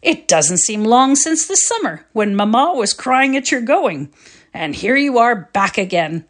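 A cordial, fussing middle-aged father with a pleasant sing-song lilt, as a woman reader puts him on lifts his voice well above her narrating tone. He fusses hospitably over his guests in this storybook reading, his pitch swinging lively as he talks. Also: unhurried. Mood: pleasant, musing. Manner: warm, fussing hospitable welcome.

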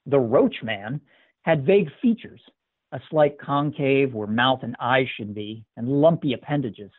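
A man narrating a scripted story in a measured, even manner. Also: medium pitch, husky, dry recording. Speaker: story reader. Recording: tinny dry phone-like sound.

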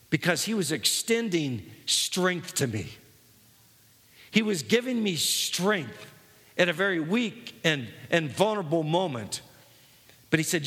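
A man's voice: fairly high pitch, a bit bright. A man preaching a sermon, earnest and personal, telling his own story with many false starts. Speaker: pastor. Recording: long hall reverb.

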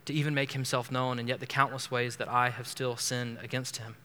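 Earnest preacher with a bright voice. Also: male voice, mid-range voice, little pitch movement, a little fast, long reverb tail, a little hiss or hum. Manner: earnest, emphatic, repeats words as he builds a point. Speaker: pastor. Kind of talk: expository sermon. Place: church sanctuary.

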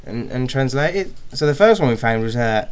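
A man's voice: mid-range voice, animated, fairly quick, smooth. Chatty young Birmingham man hosting. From Birmingham, England. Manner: chatty, loose, with frequent fillers. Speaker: radio podcast co-host. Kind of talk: casual chat.

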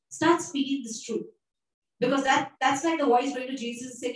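A woman's voice: high voice, fairly quick. A woman preaching a sermon, emphatic, repeating phrases and asking her listeners questions. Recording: echoey room, voice from a distance.

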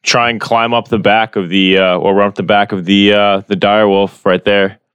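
Low smooth male player, hesitant casual talk, dry recording. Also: flat delivery, normal speed, fairly bright tone, no echo. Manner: hesitant, many "uh" and restarts. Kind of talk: tabletop game play, casual chat.

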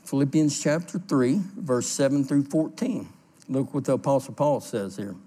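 A man's voice: medium pitch, moderate pace, slightly rough. A man, a pastor preaching a sermon, telling a personal story with laughter and then reading scripture aloud and explaining it. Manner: storytelling, animated, laughs at his own story.

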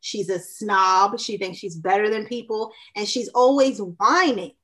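A woman's voice: medium pitch, a little slow, a bit bright. A woman guest on a podcast, chatting casually and animatedly, laughing often. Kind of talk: casual chat.

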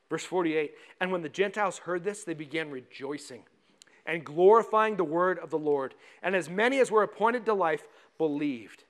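A man preaching a sermon as pastor, animated and often laughing, reading scripture aloud to his congregation. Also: fairly high pitch, normal speed. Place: church.

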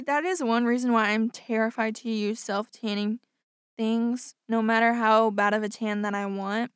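A young woman with a fairly high voice chats through her podcast in a casual, upbeat way. She sounds close and dry, with almost no room echo. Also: smooth. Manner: chatty, says "like" often, laughs things off. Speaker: podcast host. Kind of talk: casual podcast chat reading listener stories.

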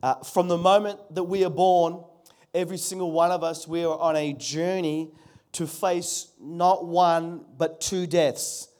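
A man's voice: fairly high pitch, steady tone, unhurried, a little mellow, smooth. A pastor preaching a sermon earnestly, asking his congregation rhetorical questions and calling for their response.

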